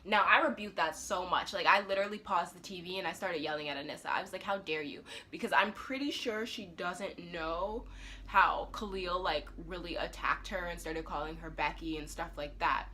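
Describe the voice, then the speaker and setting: A woman reviewing a TV episode in a casual, animated retelling that acts out the characters' lines. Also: fairly low pitch, moderate pace, slight background noise. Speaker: TV review vlogger.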